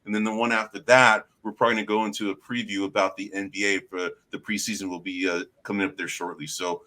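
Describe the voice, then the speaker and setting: A man's voice: fairly low pitch, flat delivery, quick pace, bright, forceful tone. A man hosting a live podcast, talking plainly to his guest and audience. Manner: plainspoken, talks to the audience directly. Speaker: podcast host.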